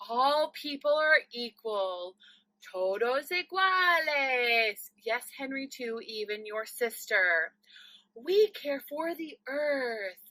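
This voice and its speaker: A woman performing a comic stage monologue as a frazzled woman teaching and taking calls, animated and switching between English and Spanish. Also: sits high, slow pace, dry recording, low-quality recording. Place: home, recorded for a virtual play festival.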